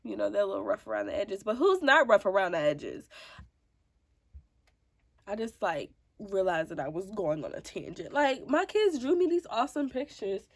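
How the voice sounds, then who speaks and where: A woman's voice: medium pitch, animated, normal speed, creaky. A woman in her twenties with a congested voice, giving frank, sassy advice in a casual sit-down vlog. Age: 20s. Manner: frank, sassy, talks straight to viewers. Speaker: mom vlogger.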